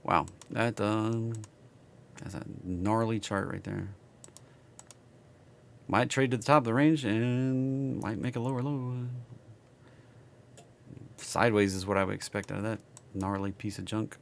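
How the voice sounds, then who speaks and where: Southern guy going over stock charts live, gravelly voice, chatty, faint noise and typing behind. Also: fairly low pitch, fairly even intonation, unhurried, long pauses. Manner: casual, chatty, reacting to viewers while reading charts. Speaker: stock market streamer. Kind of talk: live chart analysis stream.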